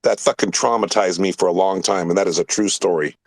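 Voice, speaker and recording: A man's voice: deep voice, brisk, no echo. A man hosting a casual talk show, telling a rambling story full of swearing and emphatic asides. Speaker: podcast host.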